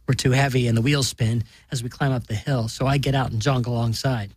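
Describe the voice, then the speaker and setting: A man reading a story aloud in a deadpan, matter-of-fact way. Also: medium pitch, brisk, hardly any pauses, husky, no echo. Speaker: narrator.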